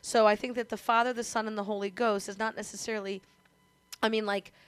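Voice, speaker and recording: A woman's voice: mid-range voice, level tone, fast talker, clean tone, no room sound. A woman co-hosting a podcast, chatting casually and musing earnestly. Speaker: podcast co-host. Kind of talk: casual chat.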